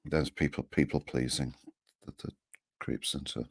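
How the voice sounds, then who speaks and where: Very low, gravelly male guest, hesitant delivery, dry sound. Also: steady tone, dry recording. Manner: halting, hesitant, many fillers. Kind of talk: casual live-stream chat.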